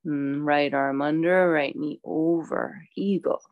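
Slow-paced woman teaching yoga. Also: low-pitched, no room sound, narrow, tinny audio. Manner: calm, instructive, chatty asides. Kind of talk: cueing a yoga class.

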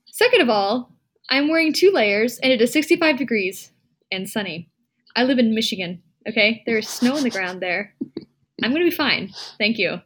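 A woman co-hosting a podcast in casual chat, animated and acting out quoted exchanges. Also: fairly high pitch, normal speed, husky. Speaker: podcast co-host.

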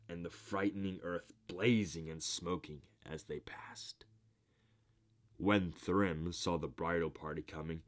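Deep, slow male storyteller. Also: a little mellow. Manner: measured, deliberate reading. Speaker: narrator. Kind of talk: scripted storybook narration.

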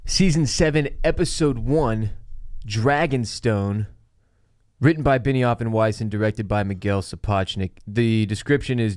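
A man's voice: on the low side, unhurried, a little mellow, dry recording. A man co-hosting a casual podcast, bantering with dry sarcasm. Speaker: podcast co-host.

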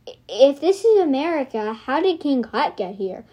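A whiny, ever-hungry young tomcat from a storybook, as a woman reads him out. He sounds puzzled and whining, his voice set a little high. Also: sing-song, moderate pace, warm tone.

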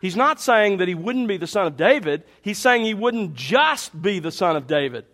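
A man with a fairly high voice preaches a sermon. He teaches through a Bible passage with energy, leaning on emphatic rhetorical questions to drive each point home. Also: big pitch swings, moderate pace, a bit bright. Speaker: pastor.

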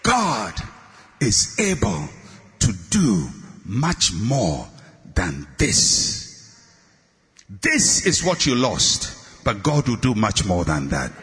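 A man preaching a sermon with passion, climbing to shouts and sinking low on his repeated refrains. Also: wildly swooping pitch, very slow, long pauses. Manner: impassioned, rising to shouts and dropping low on refrains. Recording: long hall reverb.

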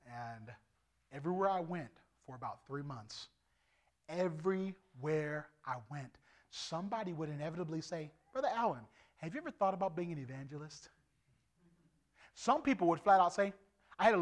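A middle-aged man preaching his testimony as an evangelist, animated and swinging from loud to hushed. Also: fairly high pitch, quick pace. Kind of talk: testimony sermon.

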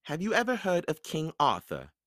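A man reading aloud and voicing a calm, wise old enchantress in a storybook, speaking gently. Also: fairly high pitch, normal speed, no room sound, studio quality, voice pushed up.

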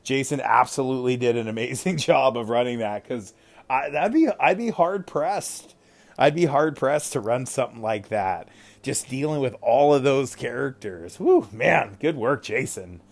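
Speaking at normal speed in a gravelly mid-range voice, this man hosts a casual podcast conversation. He's lively, full of exclamations and filler words.

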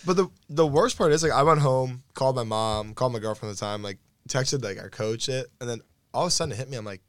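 A man's voice: medium pitch, fast. A young man in casual conversation, animatedly telling a story and acting out the quoted dialogue, laughing often.

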